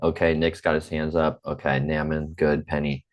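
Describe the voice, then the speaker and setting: A man in his forties from the United States, speaking with a General American accent, teaches an online English class over a computer mic on a video call. He goes slowly and patiently, repeating himself, in a bass voice with little pitch movement.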